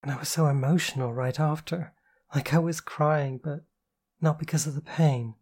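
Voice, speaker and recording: A woman reading an audiobook, voicing a shy, emotional young woman in a soft, hesitant, breathy way. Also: low voice, steady tone, moderate pace.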